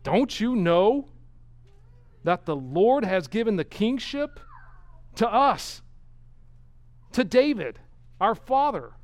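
A man's voice: big pitch swings, slow, long pauses, no room sound, exaggerated voice. A man voicing a bold, sarcastic ancient king who taunts his enemy with mocking, emphatic questions. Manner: mocking, emphatic, rising pitch.

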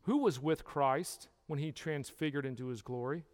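Male Bible teacher, high voice, emphatic, asks the room questions, long hall echo. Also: normal speed. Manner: emphatic, with rhetorical questions to listeners.

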